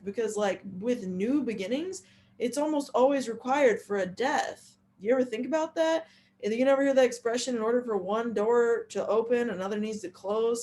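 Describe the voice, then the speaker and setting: A woman's voice: fairly high pitch, darkish tone, slight background noise. A woman astrologer giving a casual, slangy horoscope reading while she paints.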